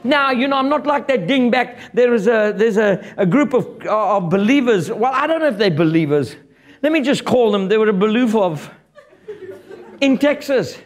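Guy preaching a sermon, pretty high voice, blunt and jokey, really animated. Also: normal speed. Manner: animated, blunt and joking, quoting scripture.

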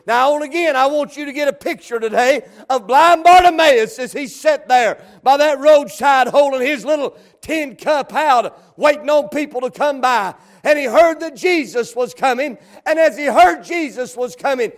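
A middle-aged man preaching a sermon with fervent, shouted cries and drawn-out phrases. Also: very high-pitched.

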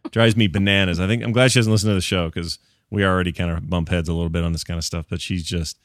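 Low-voiced chatty male podcast host. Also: steady tone, fast talker, dry recording, clean studio sound. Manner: laughing, chatty, exasperated. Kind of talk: casual podcast chat.

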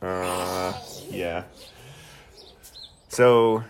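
A man's voice: low-pitched, fairly even intonation, extremely slow, slight background noise. A man co-hosting a casual home podcast as a father, giving short, dry, teasing replies. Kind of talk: casual chat.

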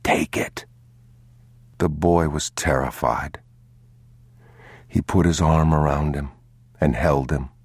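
A man narrating an audiobook in a slow, grave, measured manner. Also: a bass voice, steady tone, darkish tone, breathy edge, no room sound.

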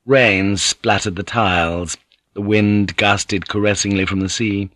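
A middle-aged man narrating a novel in a measured, dramatic, rhythmic reading. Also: fairly low pitch, fairly even intonation, fairly bright tone, no echo. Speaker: audiobook narrator. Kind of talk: scripted narration.

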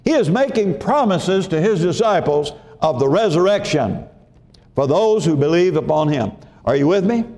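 A man's voice: a little high, big pitch swings, moderate pace, dark tone. A man preaching a sermon in a folksy way, often repeating himself and asking the congregation if they follow. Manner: folksy, repeats phrases, asks congregation questions. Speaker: pastor.

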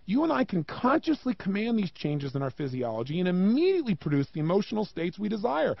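A man giving a motivational talk, emphatic and animated, with many rhetorical questions and a gravelly voice. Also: high-pitched, fast talker, dry recording, highs cut off. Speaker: motivational speaker.

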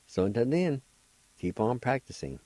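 A man's voice: medium pitch, sing-song, moderate pace, dark tone, no room sound, low-quality recording. A man hosting a radio language lesson, spelling out words letter by letter and repeating each syllable patiently. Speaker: language teacher and radio host.

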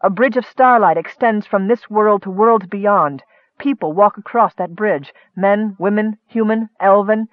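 A man narrating a fantasy audiobook with steady, expressive storytelling. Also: high-pitched, unhurried, no room sound. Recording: dull lo-fi dry recording.

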